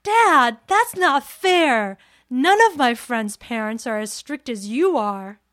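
A woman's voice: on the high side, lively intonation, a little slow, dry recording, clean studio sound. A woman playing a teenage daughter in a scripted dialogue, defending herself and protesting to her father. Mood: defensive.

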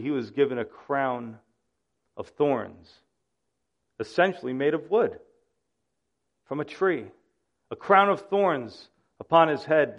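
A man's voice: mid-range voice, lo-fi sound. A man preaching a sermon, acting out the voices in the stories he tells. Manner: dramatic, acts out quoted voices. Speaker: pastor.

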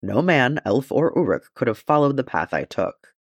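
A man's voice: medium pitch, sing-song, moderate pace, vocal fry, breathy edge, no echo, muffled recording, exaggerated voice. A man reading the part of a courteous, stalwart male dwarf warrior in an audiobook, in formal, gallant speech.

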